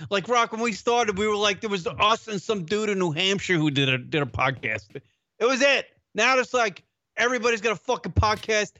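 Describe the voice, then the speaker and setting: A podcast co-host with a high voice talks a little fast on a call-in internet radio show. The recording is muffled and free of room sound, and he swears frequently while ranting in lively, casual banter.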